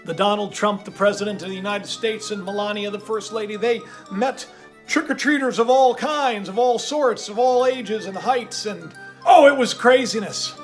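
A man hosting his own channel, rambling through animated, conspiratorial commentary with lots of repetition. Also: high-pitched, moderate pace, faint music behind. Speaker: channel host.

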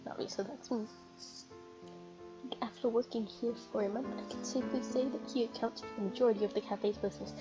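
A woman's voice: fairly high pitch, fairly even intonation, fairly quick. A woman reading game text aloud with amused, joking asides in casual gameplay commentary. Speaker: let's player. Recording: muffled with game music behind.

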